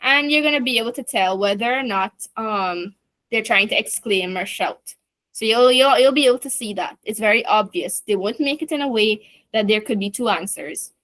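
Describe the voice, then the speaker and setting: A woman's voice: on the high side, normal speed, a bit bright, dry recording. A woman teaching an online class, explaining step by step with chatty asides.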